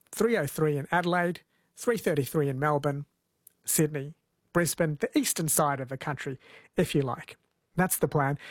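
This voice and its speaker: A man's voice: on the high side, no echo. A man from New Zealand hosting a radio interview, asking layered, curious questions. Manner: inquisitive, asks layered questions. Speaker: radio host.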